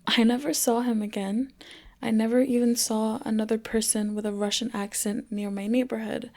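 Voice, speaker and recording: Female channel host reading stories over a game, slow delivery, creaky low edges, chatty with soft hushed stretches. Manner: chatty, laughs between lines, drops into soft whispered passages. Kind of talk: reading online stories aloud over gameplay.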